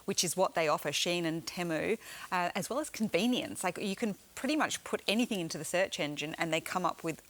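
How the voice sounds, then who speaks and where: A woman with an Australian accent, a finance expert answering questions in a live TV news interview, brisk and explanatory. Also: fairly low pitch, lively intonation, fairly bright tone.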